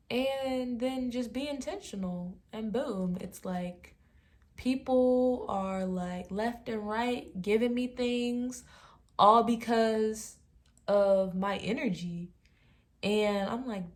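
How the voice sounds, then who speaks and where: A young woman in her twenties vlogging, talking straight to camera in a relaxed, chatty way with soft trailing asides. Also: fairly high pitch, takes it slowly. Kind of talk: casual talking-to-camera commentary.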